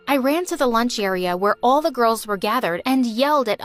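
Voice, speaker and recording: A woman tells an animated story in the first person, lively and emotional as she voices a teenage girl. Her voice sits fairly high, with faint music underneath. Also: a little fast, few pauses, no echo.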